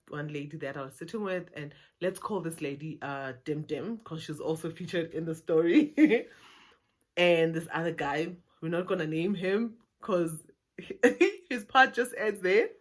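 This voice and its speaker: A woman's voice: low voice, moderate pace. A South African woman telling a personal story to her viewers in a casual, chatty way, often laughing. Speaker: YouTuber.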